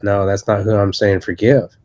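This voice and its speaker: A man in his thirties, an associate pastor, telling his personal testimony in a podcast interview in a halting, earnest way with many restarts. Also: fairly low pitch, flat delivery, a little mellow.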